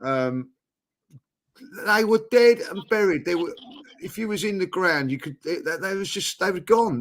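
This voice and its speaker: Exhausted, a male co-host talks bluntly and animatedly in a casual chat about football. His voice is a little high and fairly bright.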